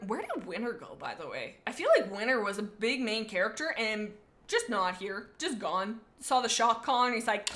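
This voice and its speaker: A woman's voice: medium pitch, very animated, a little fast, a bit bright. A woman reading fan fiction aloud as host, with goofy, playfully sarcastic asides. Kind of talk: comedic reading with commentary.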